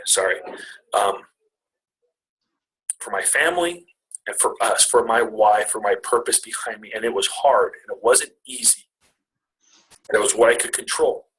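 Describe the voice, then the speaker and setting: A man speaking at a business retreat, telling a personal story to a live audience in a lively, conversational way, often calling them "you guys.". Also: mid-range voice, low-quality recording.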